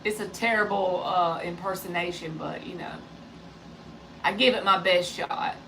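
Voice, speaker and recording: A woman's voice: on the low side, steady tone, normal speed, fairly bright tone, recorded from a distance, rough recording. A woman in her forties chatting casually and jokingly on a live stream as a tarot reader, passing along remarks from someone off-mic. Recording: voice a bit off-mic, faint background noise.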